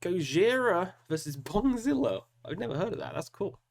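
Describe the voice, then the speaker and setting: A man's voice: high-pitched, sing-song, normal speed, vocal fry. A man hosting a casual solo video, talking through music matchups and groaning over hard choices with self-mocking asides. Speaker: metal reaction host. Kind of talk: casual solo commentary while picking albums.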